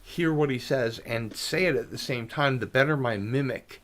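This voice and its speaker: A man's voice: mid-range voice, normal speed, fairly bright tone. A man hosting a casual livestream panel, telling rambling stories in a chatty, self-deprecating way. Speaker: stream host.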